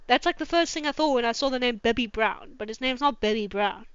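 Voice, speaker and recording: Sarcastic high-voiced woman reading fanfic. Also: brisk, hardly any pauses, clear, resonant tone, dry recording. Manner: sarcastic, swears freely, mocking asides. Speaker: channel host reading fanfiction. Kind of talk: reading fanfiction aloud with commentary. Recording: dull lo-fi with faint music.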